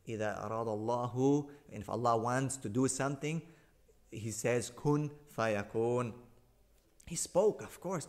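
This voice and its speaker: Sarcastic, emphatic man lecturing. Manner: repeats points for emphasis with big swings in pitch and loudness. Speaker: religious commentator rebutting a video. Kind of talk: argumentative monologue.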